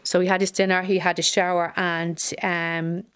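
A middle-aged Irish woman, a bereaved mother, giving halting personal testimony that repeats phrases as she relives a hard day. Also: on the low side, level tone, fairly bright tone, smooth.

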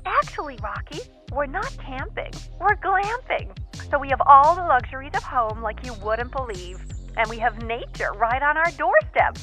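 A woman's voice: high voice, animated, moderate pace, bright, forceful tone, soft background music. A woman voicing a cheerful mother who gushes over her luxury trip while talking on the phone to her son. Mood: bubbly. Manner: gushing, upbeat, on the phone.

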